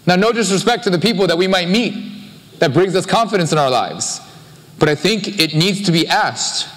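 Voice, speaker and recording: A male pastor preaching a sermon in a conversational, animated way, with quick offhand asides. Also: sits high. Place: church sanctuary. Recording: live-streamed sermon with long hall reverb.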